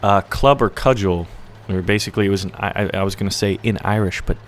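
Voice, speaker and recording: A young man talking over gameplay as a channel host, chatty and excitable, rambling and often checking in with "right?". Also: on the low side, quick pace.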